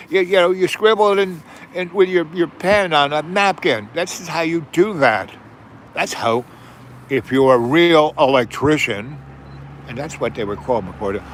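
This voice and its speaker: A man's voice: on the high side, normal speed, a little hiss or hum. Rambling, profane old man. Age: 70s. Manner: digressive, profane, trails off often. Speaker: livestream host. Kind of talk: rambling storytelling.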